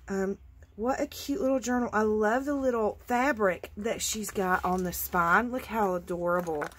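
A woman's voice: medium pitch, a little hiss or hum. A woman from Georgia, hosting a casual craft vlog and gushing with enthusiasm over what she shows, at times dropping to a near-whisper. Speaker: craft channel host. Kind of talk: casual show-and-tell vlog.

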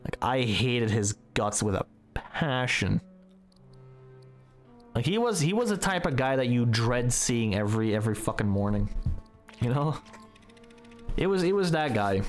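A young man chatting over a game, telling rambling stories full of swearing. His voice sits at an ordinary middle pitch. Faint music plays underneath. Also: very animated, a little slow, long pauses. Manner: profane, rambling storytelling. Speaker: gaming streamer. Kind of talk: casual gameplay commentary.

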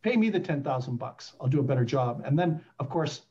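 A middle-aged man from Canada telling stories in a casual interview, animated and acting out quoted voices. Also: medium pitch, fairly quick, slightly rough, lo-fi sound. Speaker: guest.

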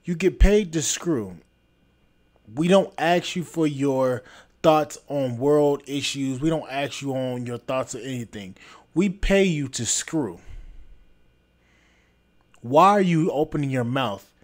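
A man's voice: mid-range voice, slow. A man hosting a podcast, delivering a blunt, repetitive, scolding opinion rant. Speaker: podcast host.

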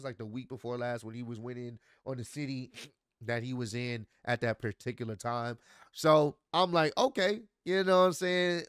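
A man giving a casual, excited spoken recap and commentary, often acting out what others said. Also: on the high side, clear, resonant tone, no room sound, studio quality. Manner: excited, animated, acts out quotes. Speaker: wrestling commentary vlogger.

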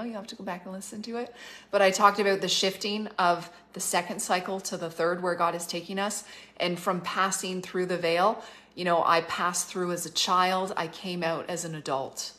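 A middle-aged woman from Canada giving livestreamed prophetic teaching, emphatic and fervent, slowing down to stress key phrases and rushing through asides. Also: on the low side, pushed and bright. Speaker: prophetic minister and school leader.

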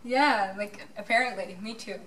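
A woman's voice: medium pitch, normal speed, fairly bright tone. Teasing young woman. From Netherlands. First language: Dutch. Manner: chatty, teasing. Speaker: guest teacher. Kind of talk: casual chat. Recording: distant voice over a chatty crowd.

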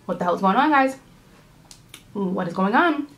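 A woman from New York City giving a casual tarot reading to her viewers. She is animated and rambling, with slang, swearing and big swings in pitch. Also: measured pace. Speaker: tarot reader.

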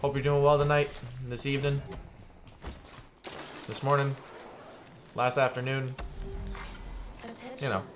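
A young man streaming a game live, chatting casually with viewers in an excitable, profane way. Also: medium pitch, measured pace, pauses often, soft background music. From Georgia, United States. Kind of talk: casual live gameplay commentary.

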